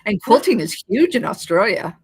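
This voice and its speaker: A woman hosting a casual chat, talking in a relaxed, easygoing way. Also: mid-range voice, normal speed, breathy edge. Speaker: host.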